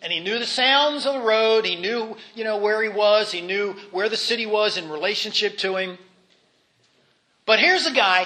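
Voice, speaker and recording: Bright high-voiced man teaching scripture. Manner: conversational, many fillers and restarts, voices quotes in asides. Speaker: Bible teacher. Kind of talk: informal Bible teaching.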